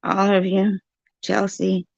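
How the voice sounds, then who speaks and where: Female streamer, slow gravelly delivery, reading chat in a casual way, dull dry home audio. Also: medium pitch, monotone, dry recording. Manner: confused, pleading with chatters, laughing often. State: dry mouth. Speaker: livestream host reading live chat.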